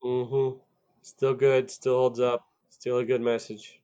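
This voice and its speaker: A man's voice: medium pitch, little pitch movement, slow pace, warm tone, clear, resonant tone, dull audio. A man from Iowa co-hosting a movie podcast, answering in short, dry quips. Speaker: podcast co-host. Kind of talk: casual movie chat.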